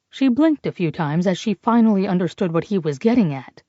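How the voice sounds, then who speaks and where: A woman narrating a novel in a measured, even way. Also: mid-range voice, no echo, highs cut off. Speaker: audiobook narrator. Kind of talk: scripted narration.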